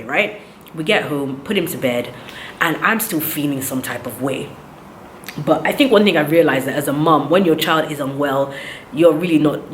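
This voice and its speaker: A woman's voice: deep voice, echoey room, slight background noise. A woman, animatedly retelling a story in a casual vlog, with indignant quoted dialogue. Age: 30s. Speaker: vlogger.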